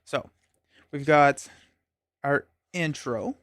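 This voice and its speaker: A man's voice: a little high, extremely slow, a bit bright. A man hosting a solo board game playthrough, reading the story text aloud with stumbles, self-corrections and casual asides. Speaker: board game channel host.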